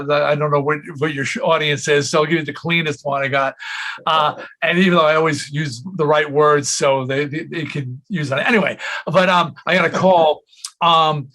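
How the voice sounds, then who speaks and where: A man in his sixties, a rock singer telling stories in a casual interview, slipping into quoted voices as he goes. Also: on the high side. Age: 60s. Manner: animated storyteller, jumps into quoted voices.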